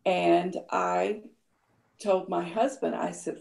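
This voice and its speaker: A woman's voice: fairly low pitch, a little slow, gravelly, warm tone, roomy sound. A woman in her fifties casually telling her own story, chatty, with lots of fillers and acted-out quotes. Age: 50s. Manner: chatty, many fillers, laughs often, acts out quoted lines. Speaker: guest sharing her health story.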